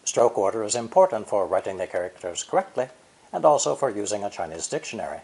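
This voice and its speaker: A man giving a scripted language lesson, explaining each point clearly and repeating sample syllables slowly. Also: fairly low pitch, lively intonation, darkish tone. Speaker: language teacher. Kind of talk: scripted educational narration.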